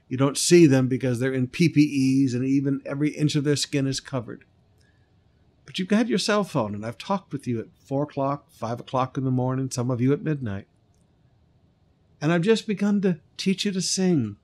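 A man's voice: medium pitch, darkish tone. A man preaching a sermon, retelling a scripture story, stressing key lines and sometimes singing short phrases. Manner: preaching with rising emphasis, breaks into sung lines. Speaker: pastor.

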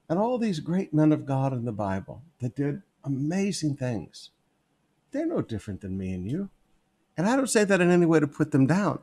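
A man's voice: on the high side, dark tone, slightly rough. A man preaching a sermon, repeating key phrases for emphasis as he reads and explains scripture.

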